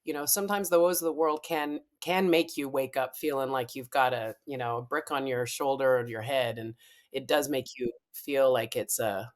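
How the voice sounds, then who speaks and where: Female interview host, low-pitched, supportive, agrees readily. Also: steady tone, normal speed. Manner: warm and affirming, agrees often. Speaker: podcast host. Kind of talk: casual interview.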